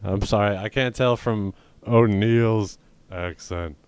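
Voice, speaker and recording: Deep-voiced young man, deadpan podcast banter. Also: slow, clear, resonant tone, no echo. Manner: deadpan, rambling, crude jokes. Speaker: podcast co-host. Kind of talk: casual comedic banter.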